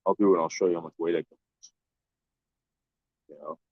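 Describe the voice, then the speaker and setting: A man's voice: sits low, steady tone, a little fast, no room sound. A man hosting a live stream, talking casually and bluntly with viewers and cursing freely. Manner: blunt and profane, with frequent restarts. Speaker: live-stream host answering chat. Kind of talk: casual chat. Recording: dull, lo-fi dry recording.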